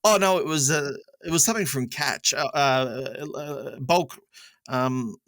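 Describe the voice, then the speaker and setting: A man's voice: medium pitch, unhurried, a bit bright, no echo. A man with an Australian accent co-hosting a podcast, joking and teasing in casual banter and laughing often. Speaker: podcast co-host.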